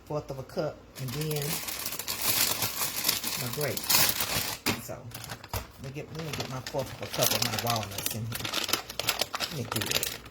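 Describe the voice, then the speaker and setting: Low-voiced Southern woman chatting live. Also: measured pace, pauses often. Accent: Southern US, Georgia. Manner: chatty, repeats her phrases, talks to viewers. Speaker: livestream host. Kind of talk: casual live chat while making breakfast. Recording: noisy home livestream audio.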